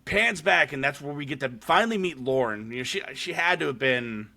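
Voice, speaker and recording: A man's voice: a little high, animated, a little fast, vocal fry, pushed and bright. A man hosting a podcast, casually recapping a horror short film, swearing freely and using lots of fillers. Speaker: podcast host. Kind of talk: casual chat.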